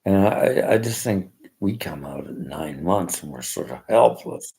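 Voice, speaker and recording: A man in a rambling personal monologue, halting and emotional, often dropping to near-whispers. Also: deep voice, lively intonation, gravelly, dark tone.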